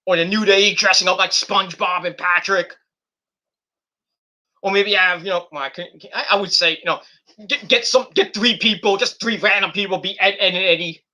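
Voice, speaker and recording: Bright, high-voiced ranting man. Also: normal speed. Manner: profane, sarcastic ranting with mock quotes. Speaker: streamer host. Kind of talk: casual ranting livestream.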